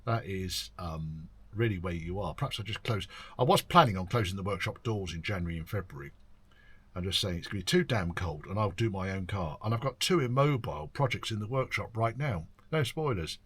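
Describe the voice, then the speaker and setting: An older channel host and classic car workshop owner gives a casual year-end chat to camera, rambling about his work with many ums and mild swearing. He has a deep, slightly rough, a bit bright voice with lively intonation and a fairly quick pace, in a dry recording.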